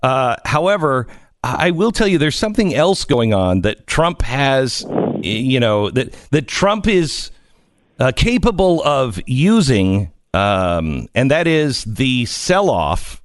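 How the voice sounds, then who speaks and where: Male talk radio host, middle-aged, animated, self-deprecating, dry studio mic. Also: mid-range voice, slow, no echo. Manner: animated, self-deprecating, asks pointed questions. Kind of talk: casual talk radio chat. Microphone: studio microphone.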